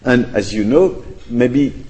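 A man's voice: mid-range voice, expressive, takes it slowly, mellow. A man answers an audience question in academic English, thoughtful and hesitant, hedging and restarting as he goes. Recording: echoey lecture hall.

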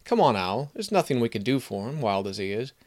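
A man voicing a friendly young stable hand who talks in a lively, raised tone. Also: medium pitch, brisk, close to an everyday voice.

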